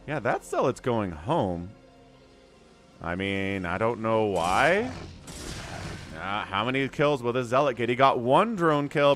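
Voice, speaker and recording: A man casting a recorded strategy game on a livestream, excitable and chatty, greeting viewers from chat between plays. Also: mid-range voice. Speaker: game caster.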